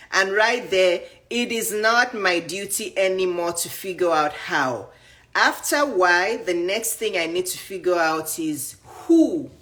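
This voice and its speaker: A woman in her fifties with a Nigerian accent, giving a casual motivational talk to viewers, animated and full of rhetorical questions. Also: medium pitch. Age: 50s. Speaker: dating and image coach. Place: live stream.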